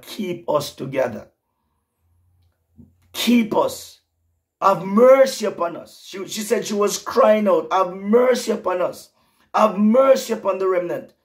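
A middle-aged man preaching an emotional prophetic sermon, rising to fervent exclamations. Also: high voice.

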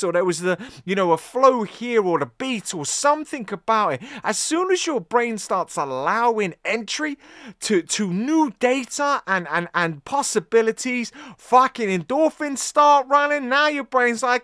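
A man's voice: very high-pitched, a little slow, dry recording, studio quality. A man reacting to a song, talking casually, ranting and swearing heavily. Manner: profane, ranting, animated. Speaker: music reaction host.

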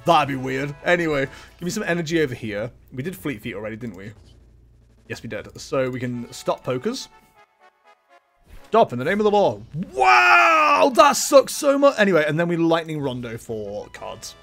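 A man's voice: medium pitch, lively intonation, moderate pace. A man live-streaming a card game, chatting casually, joking about himself and laughing often. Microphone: desk microphone, webcam. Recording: music playing faintly behind.

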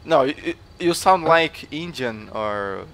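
A man's voice: a little high, lively intonation, slow pace. A man with a Brazilian Portuguese accent, hosting a gaming video and playing a mock cop who teases and repeats himself. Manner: loud, teasing, repeats phrases, mixes in Portuguese. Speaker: gaming channel host. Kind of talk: playful in-game role-play, mock interrogation.

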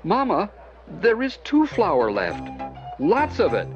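A man voicing an eager, hungry little boy with a high, pleading voice in a storybook reading. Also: takes it slowly, heavily acted. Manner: excited, high squeaky pleading. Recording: dull lo-fi with music behind.

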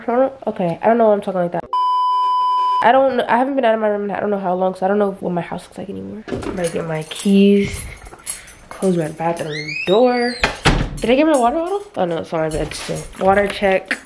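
A woman's voice: medium pitch, animated, a little fast, background noise. A woman chatting casually to camera in her vlog as she gets ready at home, talking to herself along the way. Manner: chatty, talks to herself while getting ready. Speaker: vlogger. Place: at home indoors.

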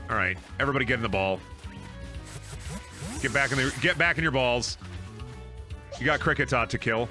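A young man streaming a game, rambling through jokey, profane asides and breaking into sudden yelled outbursts. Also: mid-range voice, very animated, moderate pace, pauses often, music in the background. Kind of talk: casual gameplay commentary.

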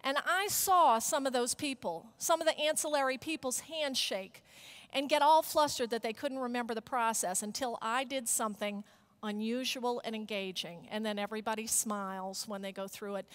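A middle-aged woman giving a keynote talk at a conference, telling an animated story and leading the audience in call-and-response chants. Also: on the high side, moderate pace. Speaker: keynote speaker. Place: conference hall stage.

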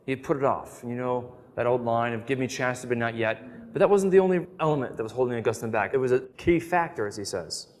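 A man lecturing on scripture with earnest storytelling, his voice sitting at an everyday middle pitch. He swings between emphatic stress and quiet, hushed phrases. A long hall reverb trails behind every sentence. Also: lively intonation, fast talker, few pauses, slight background noise.

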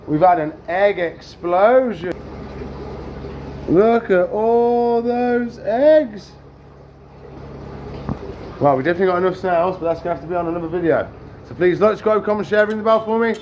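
A man's voice: high-pitched, animated, moderate pace, pauses often, a little mellow, a little hiss or hum. A man hosting a reptile-feeding vlog, chatting away and coaxing the animals in a sing-song voice. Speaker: reptile keeper and channel host. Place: indoors among reptile tanks.

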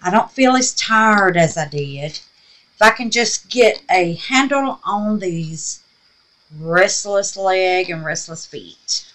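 Slow-talking woman, slightly scratchy. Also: on the low side, a bit bright. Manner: chatty, gushing, calls viewers honey. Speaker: resin craft vlogger. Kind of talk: casual crafting tutorial chat.

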